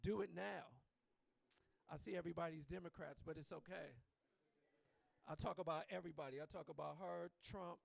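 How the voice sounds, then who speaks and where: A stand-up comedian working a club crowd with loose, profane banter. His voice sits high for a man and has a heavy gravelly rasp. The sound is close and dry. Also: fairly even intonation, a little fast, no echo. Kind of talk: live stand-up set.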